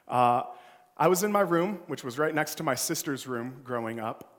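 Playful male pastor in echoing church. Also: mid-range voice. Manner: playful storytelling with laughs. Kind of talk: sermon. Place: church sanctuary. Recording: long church hall reverb.

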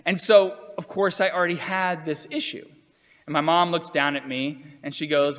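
A man with a somewhat high speaking voice tells personal stories, earnest and measured, and acts out the quotes he recalls. A long reverb tail follows his words, as if he were recorded in a large hall. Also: steady tone, a bit bright. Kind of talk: storytelling talk.

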